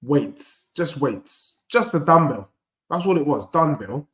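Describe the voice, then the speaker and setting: Young fan-host, animated slang commentary, slightly high voice, echoey room. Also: male voice, takes it slowly. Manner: animated, slangy banter reacting to play. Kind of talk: live football watchalong commentary.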